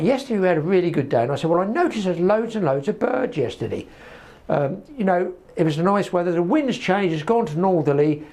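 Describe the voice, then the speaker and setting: A middle-aged Englishman talks off the cuff to his viewers in a rambling, chatty way. His voice sits a little high for a man, and his stories wander from one aside to the next. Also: a little mellow. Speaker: fishing channel host. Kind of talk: casual vlog chat. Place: garden cabin.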